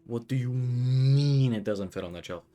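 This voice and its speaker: A man's voice: mid-range voice, moderate pace, mellow, faint music behind. A man streaming a game, talking to himself in a grumbling, frustrated way. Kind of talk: casual gameplay commentary.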